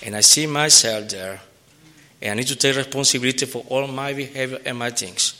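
A man giving an earnest personal testimony at a recovery meeting, halting, with repeated words and restarts. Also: mid-range voice, fairly even intonation, bright, forceful tone. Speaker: member sharing his recovery story.

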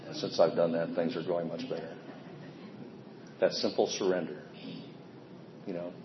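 Deep-voiced and level in tone, a man speaks at a moderate pace while candidly recounting his recovery in plain terms, self-deprecating about past behavior. Faint ambient noise accompanies the echoey, dull recording.

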